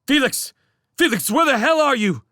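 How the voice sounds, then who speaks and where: A man voicing a male comrade who calls out loudly in a raised voice. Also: high voice, animated, a little slow, vocal fry, no room sound, clean studio sound, pitched above the performer's own voice, heavily acted. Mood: calling. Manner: calling loudly. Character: male comrade calling out from afar.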